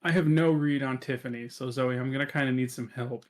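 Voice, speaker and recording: A man's voice: mid-range voice, steady tone, brisk. A man narrating a tabletop game as game master, with a rambling, hesitant delivery full of fillers.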